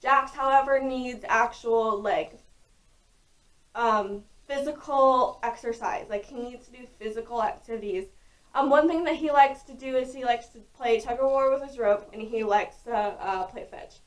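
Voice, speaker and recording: Young woman vlogger, loud and frank, a bit high, recorded from a distance. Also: normal speed. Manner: talks loudly and frankly, with many fillers. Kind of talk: casual chat to camera. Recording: voice distant from the mic.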